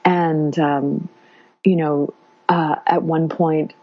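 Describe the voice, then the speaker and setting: A woman guest telling her own story in a casual, halting way, with many fillers and restarts. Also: low-pitched, flat delivery, highs cut off.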